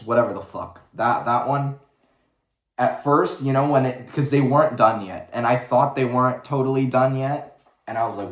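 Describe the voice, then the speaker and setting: A man's voice: medium pitch, moderate pace. A man giving a casual livestream rant in a blunt, profane, rambling way. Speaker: vlogger. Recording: roomy echo.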